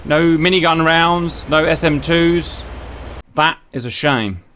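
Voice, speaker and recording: A man commentating a simulated naval battle to his viewers, animated and jokey, swearing as things go wrong. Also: a little high, slow, slight background noise. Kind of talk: excitable game commentary.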